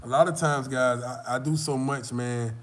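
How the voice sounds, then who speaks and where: A man's voice: mid-range voice, fairly even intonation, moderate pace, background noise. A young man chatting on a live stream, telling a rambling, profane story in a loose, casual way. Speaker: vlogger answering live chat.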